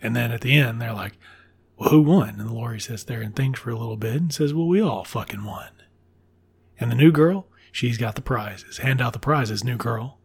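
A man with a husky, slightly breathy voice sits at a middle pitch and retells a story like he's talking to friends. He swears casually and breaks off for offhand remarks. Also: normal speed. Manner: irreverent, swears freely, drops asides. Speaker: podcast host.

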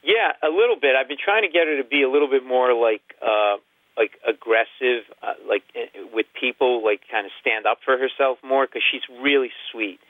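A man from an Italian-American family telling comic stories, acting out quotes in loud, high voices. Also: moderate pace, dry recording. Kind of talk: animated comic storytelling. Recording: tinny phone-like line.

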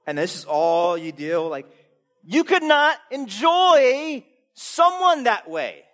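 In a very high-pitched voice, a man gives a casual, talky sermon. He puts rhetorical questions to his congregation and swings between booming emphasis and murmured asides.

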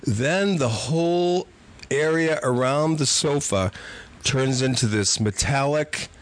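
An older man, a comedy writer and podcast guest, telling a story in a vivid, profane and animated way. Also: medium pitch, slow pace, no room sound.

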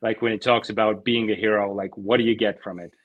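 Podcast co-host, man, lowish husky voice, relaxed and laid-back. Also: fast talker, narrow, tinny audio. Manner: easygoing, laughs a lot, swears casually. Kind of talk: casual podcast chat.

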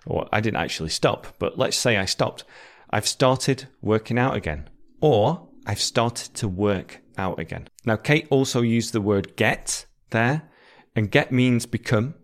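A British man, an English teacher, explaining words and repeating example sentences slowly and clearly for learners. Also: mid-range voice, lively intonation.

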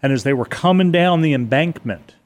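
A man in a casual chat, retelling a story animatedly, speeding up and slowing down. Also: on the high side, expressive.

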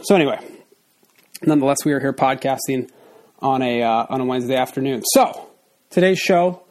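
A man in his forties hosts a casual solo podcast in a mellow, mid-range voice, talking a little fast. Slightly out of breath, he rambles loosely, full of fillers and restarts.

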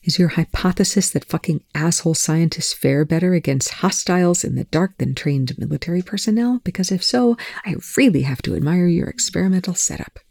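Narrator as terse military man, hissing and snapping; mellow and dry. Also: medium pitch, lively intonation, a little fast, vocal fry, hardly any pauses, no echo. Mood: tense, hushed. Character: tense blunt male military officer. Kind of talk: audiobook reading of fan fiction.

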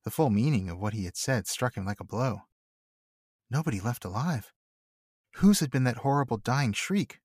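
A man co-hosting a book podcast, chatting and reading passages aloud in a measured, steady way. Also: medium pitch, husky, dry recording, clean studio sound. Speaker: podcast co-host and reader.

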